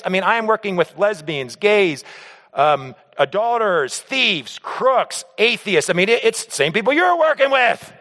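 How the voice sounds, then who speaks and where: Male pastor, lively storytelling sermon, slightly high voice, reverberant hall. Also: moderate pace. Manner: animated, acts out the voices of others in his stories. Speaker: pastor speaking to a men's group.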